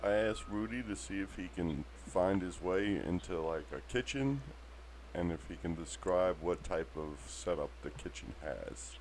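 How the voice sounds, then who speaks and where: A man playing a tabletop game, speaking casually and haltingly as he explains plans. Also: low voice, animated, darkish tone, a little hiss or hum. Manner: halting, restarts, eager. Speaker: player.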